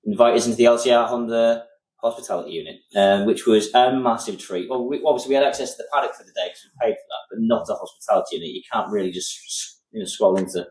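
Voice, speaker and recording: Man, low-ish voice, rapid chatty delivery, roomy echo. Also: darkish tone. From England. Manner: chatty, chimes in often. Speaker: podcast co-host. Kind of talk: casual chat. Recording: echoey room.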